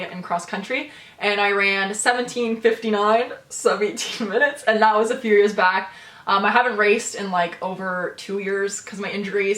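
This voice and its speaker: Young female co-host, relaxed and chatty, echoey room sound. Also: mid-range voice, distant mic. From Canada. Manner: friendly, filler-heavy, relaxed. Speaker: channel co-host. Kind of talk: casual Q&A chat. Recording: roomy echo.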